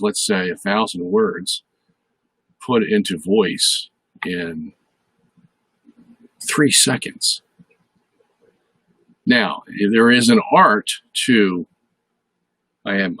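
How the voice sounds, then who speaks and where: A man's voice: fairly low pitch, fairly bright tone, husky, no room sound, low-quality recording. An older man hosting a live question show, talking casually and rambling with many fillers and restarts. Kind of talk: casual live-stream talk.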